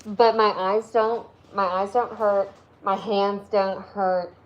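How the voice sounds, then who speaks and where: A woman's voice: medium pitch, flat delivery, slow, muffled recording. A woman with a Tennessee accent, hosting a live stream and chatting casually as she works. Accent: Southern US, Tennessee. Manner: chatty, lots of "like" and asides. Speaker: live-stream host, flower preserver. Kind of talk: casual chat while working.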